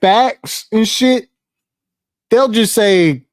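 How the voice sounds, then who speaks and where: A man hosting a live stream, talking in a casual, animated, profane and rambling way. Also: high voice, drawn-out words, no room sound, studio quality. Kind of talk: casual livestream commentary.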